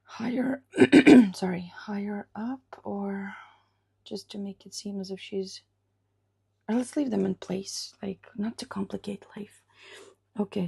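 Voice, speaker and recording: Sketching live, a female illustrator thinks aloud at an unhurried, slow pace, repeatedly easing into a gentle half-whisper. She has a mid-range voice with a husky, gravelly grain.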